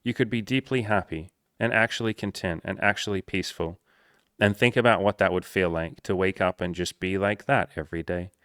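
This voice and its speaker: A man's voice: low-pitched, brisk, fairly bright tone, clear, resonant tone, no echo, studio quality. A man coaching his viewers in casual talk to camera, playful and mock-formal at times, swearing freely. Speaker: dating and life coach.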